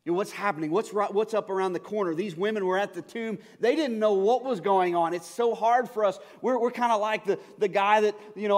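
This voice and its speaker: A man preaching a sermon, telling a personal story that moves between hushed and urgent moments. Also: sits high, brisk, hardly any pauses, in a large hall. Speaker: pastor.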